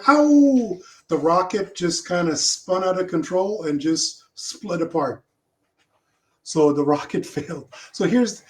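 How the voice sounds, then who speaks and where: A man with a slightly high voice walks through his launch slides on a video call. He talks casually and stumbles often, filling gaps with small hesitations and restarting his sentences. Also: darkish tone. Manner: halting, with many fillers and restarts. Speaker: club member presenting his rocket launch.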